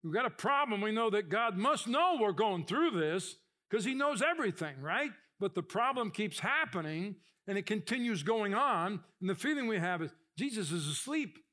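High-voiced, animated preaching man. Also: normal speed, hardly any pauses. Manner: animated storytelling, acts out voices, rises in pitch and volume for emphasis. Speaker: pastor. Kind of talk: sermon.

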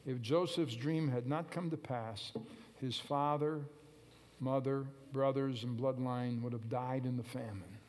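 A man's voice: mid-range voice, steady tone, measured pace, a little mellow. A male preacher giving a sermon, emphatic and repetitive, calling out to the congregation and waiting for answers. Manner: emphatic, repetitive exhortation with call-and-response.

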